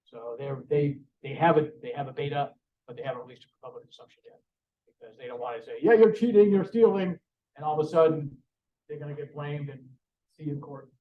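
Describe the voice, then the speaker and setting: A man's voice: mid-range voice, fairly even intonation, quick pace. A man giving a conversational conference presentation with frequent restarts. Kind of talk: conference talk. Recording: roomy, distant, dull sound.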